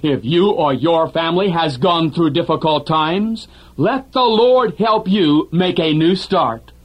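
A man delivering a scripted radio sermon in an earnest, measured preaching manner. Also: fairly high pitch, poor audio.

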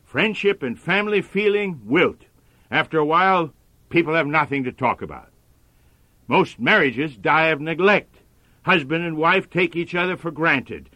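A man preaching a sermon in a measured, earnest manner. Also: fairly high pitch, expressive, sharp tone, dry recording.

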